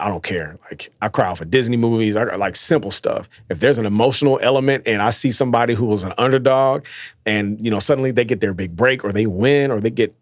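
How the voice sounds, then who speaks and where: A man's voice: on the low side, no echo, clean studio sound. A man hosting a casual motivational podcast, talking loosely with lots of fillers and slang. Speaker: podcast host.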